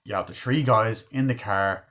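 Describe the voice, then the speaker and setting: A man's voice: lowish voice, moderate pace, a bit bright. A man casually reviewing a film, enthusiastic and swearing constantly while he acts out scenes. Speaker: movie reviewer. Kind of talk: casual movie review chat.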